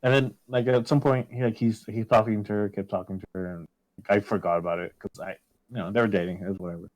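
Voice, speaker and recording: A man's voice: fairly low pitch, fairly even intonation, quick pace, a little mellow. A young man co-hosting a podcast, telling a story in a casual chat, swearing a lot with many fillers. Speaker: podcast co-host.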